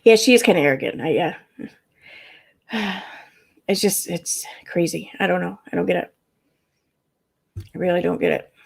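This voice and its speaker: A woman's voice: on the low side, moderate pace, vocal fry, pauses often, slightly rough. A woman with a Midwestern American accent hosting a casual livestream, rambling, swearing and answering her chat. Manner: rambling, profane, talks to chat. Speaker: livestream host.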